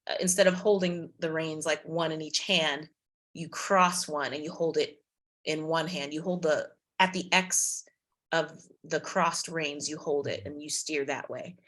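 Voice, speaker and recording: A woman with a bright, forceful voice that sits a little low, telling stories with lively expression. She is an actress chatting casually as a guest on a podcast interview. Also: measured pace. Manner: animated, expressive storyteller.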